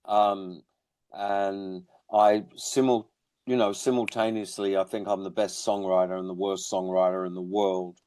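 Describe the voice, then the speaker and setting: A man's voice: low-pitched, flat delivery, a little slow, a little mellow, a little hiss or hum. A man, born in England, chatting as a musician guest with rambling, self-deprecating humor. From born in England, raised in Australia. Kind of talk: casual interview chat.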